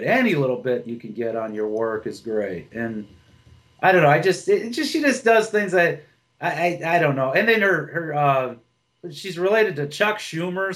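A man's voice: fairly high pitch, fairly bright tone. A man who does stand-up, chatting on a podcast in a blunt, rambling way with lots of swearing and restarts. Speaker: podcast co-host, stand-up comic. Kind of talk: casual podcast chat.

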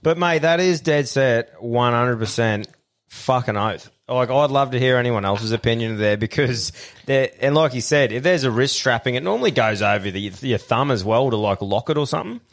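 A young Australian man hosts a beers-and-banter podcast, swearing freely as he tells stories. His voice sits at an ordinary middle pitch, and he talks like one of the lads. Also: normal speed. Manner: laddish, sweary, laughing storyteller. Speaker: podcast host. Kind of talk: casual chat.

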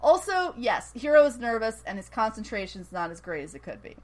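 Animated woman recapping a show. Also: a little high, brisk, rough recording. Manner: animated storytelling, laughs often, acts out quotes. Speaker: podcast co-host recapping a TV episode. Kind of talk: casual chat.

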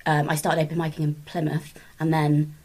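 A woman from England, a podcast guest, talking casually in a halting way full of fillers. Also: low-pitched, completely flat delivery, darkish tone. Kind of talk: casual conversation.

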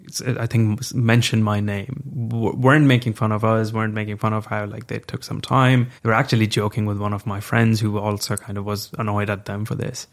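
Young man, gravelly low voice, candid and reflective, casual swearing. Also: level tone, fairly quick, few pauses. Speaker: guest storyteller. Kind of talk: candid personal storytelling.

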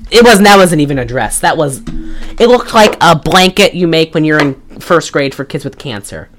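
A woman's voice: sits low, animated, moderate pace. Exasperated woman ranting on a podcast. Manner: exasperated, blunt, rambling with restarts. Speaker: podcast co-host. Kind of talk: casual chat.

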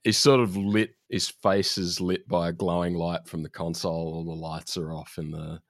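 A man's voice: sits low, level tone, normal speed, no echo. A man co-hosting a podcast, recapping an episode in a laid-back way with dry jokes. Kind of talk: casual chat.

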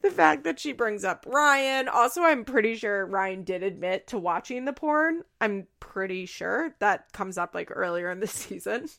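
A woman's voice: medium pitch, animated, normal speed, gravelly, hardly any pauses, a bit bright. Gossipy woman recapping TV. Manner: gossipy, profane, laughs often. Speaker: reality TV recap host. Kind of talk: casual episode recap.

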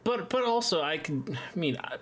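A man's voice: fairly high pitch, big pitch swings, moderate pace, fairly bright tone, a little hiss or hum. A man co-hosting a podcast, talking casually with lots of restarts and filler words. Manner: rambling, many restarts and fillers. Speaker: podcast co-host. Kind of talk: casual chat.

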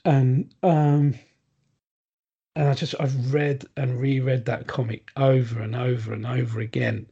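A man's voice: medium pitch, steady tone, normal speed, gravelly, warm tone, slightly rough, highs cut off. A man chatting casually on a podcast, rambling with lots of ums and restarts. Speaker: podcast guest. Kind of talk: casual chat.

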